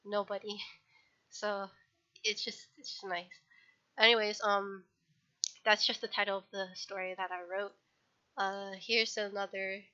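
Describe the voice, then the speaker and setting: A woman's voice: medium pitch, bright, forceful tone. A woman talking casually on a livestream, rambling and correcting herself as she reads her old writing aloud. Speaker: streamer. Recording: dull lo-fi stream audio.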